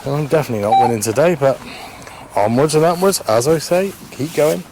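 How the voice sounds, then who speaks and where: Out in an open farm field, a man with a slightly high, somewhat quick voice vlogs his metal detecting. He talks to the camera in a casual, chatty way, thinking aloud and sounding a bit hesitant.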